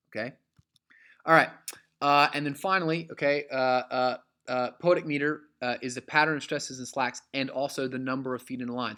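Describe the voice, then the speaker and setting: A man's voice: mid-range voice, bright, forceful tone. A man teaching a recorded literature lecture in a casual, conversational way, full of fillers and frequent "okay?" check-ins.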